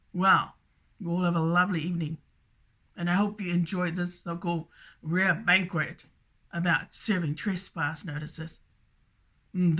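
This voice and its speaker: A woman talks alone to the camera in a loose, rambling monologue, with a voice that is strikingly bright and sharp. She stumbles over repeated words and keeps circling back with the same stock phrase to confirm herself. Her pitch sits in the middle for a woman. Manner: repetitive, stammering, keeps saying "that's correct". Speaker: video blogger.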